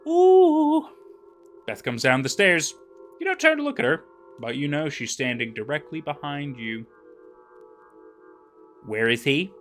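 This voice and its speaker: Animated, bright-voiced let's play narrator. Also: male voice, a little high, moderate pace, faint music behind. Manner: animated, stumbles over words. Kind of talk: reading a story game aloud and commenting.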